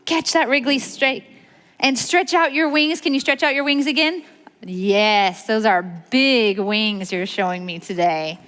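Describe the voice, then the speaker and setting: A woman's voice: fairly high pitch, a little slow, a bit bright. A young woman reading a picture book aloud to children at a library storytime, coaxing them to join in with sounds and movements. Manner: sing-song, coaxing, leading children in call-and-response. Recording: reverberant library hall.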